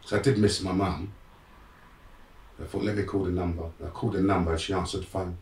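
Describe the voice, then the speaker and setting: In an echoey room, recorded from a distance, a middle-aged man speaks briskly in a low register. A guest and motivational speaker, he openly tells his life story with a streetwise edge, growing animated in the re-enacted parts.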